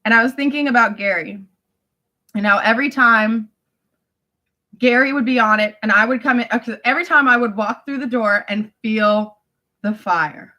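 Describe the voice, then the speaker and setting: A woman talking to friends in a rambling, animated monologue, laughing often and swearing casually. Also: fairly high pitch, moderate pace, long pauses. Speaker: vlogger addressing family friends.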